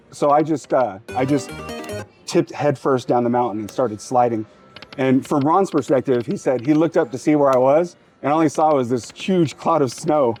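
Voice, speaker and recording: A man's voice: mid-range voice, a little mellow. A man hosting a slots channel, telling a long story casually while he plays. He rambles, cuts himself off and urges the machine on between sentences. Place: casino floor.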